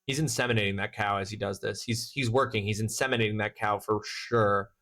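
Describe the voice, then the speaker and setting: A game streamer chatting casually and wryly while playing, swearing now and then, in a mid-pitched voice. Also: steady tone, a little fast. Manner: chatty, wry, with bursts of swearing. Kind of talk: casual let's-play commentary. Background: loud game music.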